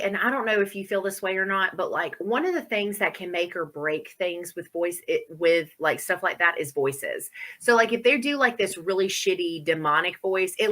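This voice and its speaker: A woman's voice: mid-range voice, bright, forceful tone. A woman co-hosting a horror podcast, chatting casually about movies with many fillers and frequent laughs. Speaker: podcast co-host. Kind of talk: casual chat.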